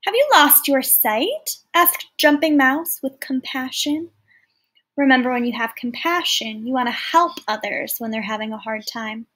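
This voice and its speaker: Reading a folktale aloud to children, a woman teacher speaks at a moderate pace in a highish voice that sounds pushed and bright. The read-aloud lesson is clear and explanatory; she defines words along the way and frequently asks the listeners questions.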